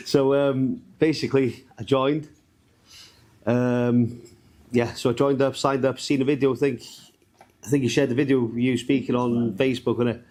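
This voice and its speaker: A man's voice: medium pitch, fairly even intonation, moderate pace, a little mellow. A young man from Wales, casually telling his trading story on stage. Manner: chatty, laughing, loose. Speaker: trader sharing his story on a panel.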